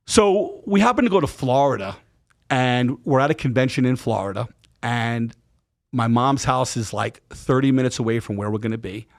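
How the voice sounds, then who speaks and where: Gravelly man telling a story, slangy and profane. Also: medium pitch, normal speed. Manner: animated, profane, slangy retelling with acted-out quotes. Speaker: podcast guest. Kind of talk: candid storytelling in a podcast interview.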